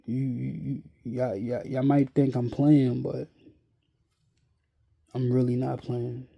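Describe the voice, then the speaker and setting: A man speaking a casual monologue to camera, blunt and profane, sounding weary and worn out, halting and repeating himself often. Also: medium pitch, flat delivery, vocal fry, muffled recording. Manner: slow, halting and repetitive, with many restarts. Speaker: vlogger.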